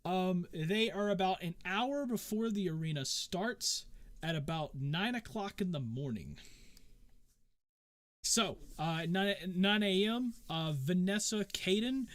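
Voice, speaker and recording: A man's voice: sits high, expressive, takes it slowly, dry recording. Chatty male game master, dry sound. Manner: loose, with many "uh" and "um" fillers and restarts. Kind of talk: casual narration of a tabletop game.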